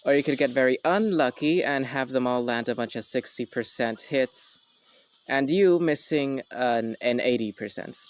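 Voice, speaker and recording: Male host, mid-pitched voice, joking and offhand, casual conversation. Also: moderate pace, poor audio. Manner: joking, self-correcting, offhand. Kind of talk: casual chat.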